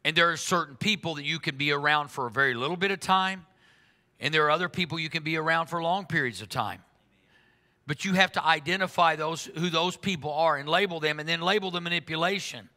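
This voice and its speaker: A man preaching a sermon in an earnest way, slowing down for emphasis and speeding up for asides. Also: on the high side, sharp tone. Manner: earnest, shifts between slow emphatic lines and quick asides. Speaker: pastor. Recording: long reverb of a large hall.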